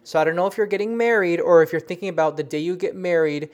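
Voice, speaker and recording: A psychic medium tells the story of a reading in an earnest, personal way. The voice is soft and emotional, with frequent stumbles and restarted sentences, as if working through the memory aloud. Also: mid-range voice, steady tone. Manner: earnest, halting, with many restarts; softly emotional.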